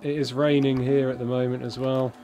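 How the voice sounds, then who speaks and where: A man's voice: mid-range voice, flat delivery, brisk, mellow. A man streaming a multiplayer game, bantering casually with friends and joking often. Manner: jokey, laughs often. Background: game music and gunfire.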